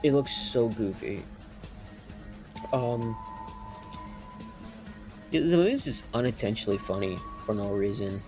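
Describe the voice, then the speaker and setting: A man's voice: lowish voice, measured pace, long pauses, darkish tone, soft background music. Rambling young man reviewing a movie. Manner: rambling, incredulous, laughs often, swears casually. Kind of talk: unscripted spoken movie review.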